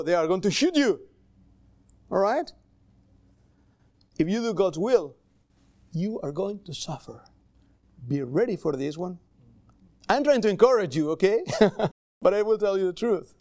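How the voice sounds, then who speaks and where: A male pastor preaching a sermon in a church in accented English with small grammar slips, conversational and animated. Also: sits high, no echo, studio quality. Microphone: livestream camera mic.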